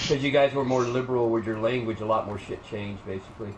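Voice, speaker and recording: A man's voice: mid-range voice, brisk, reverberant, a little hiss or hum, rough recording. A man from the United States chatting casually with friends, giving easygoing opinions. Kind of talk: casual gaming chat.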